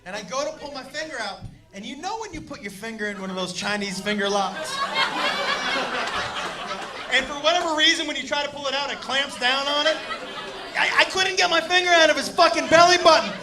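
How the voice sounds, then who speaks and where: A man telling a wild story in a stand-up set, animated and shouting punchlines while voicing the people in it. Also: very high voice, fairly quick. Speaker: stand-up comedian. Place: comedy club stage before a laughing audience. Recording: live club recording with crowd noise.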